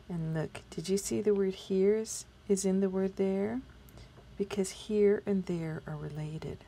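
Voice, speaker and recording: A patient woman teacher sounds out spelling words for young children, slow and deliberate. Her low, mellow voice has a gravelly, slightly husky edge. She keeps asking the class questions and slips into a whisper now and then. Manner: sometimes drops into whispers while writing.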